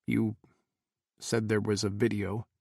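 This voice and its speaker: A man voicing an injured male president who asks quiet, halting, hoarse questions. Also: on the low side, level tone, dry recording, studio quality, full character voice. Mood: dazed.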